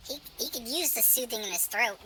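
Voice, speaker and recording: A woman's voice: on the high side, animated, a little fast, pushed and bright, a little hiss or hum, rough recording. A woman co-hosting a game stream, chatting in a playful, teasing way. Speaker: stream co-host. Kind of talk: casual banter.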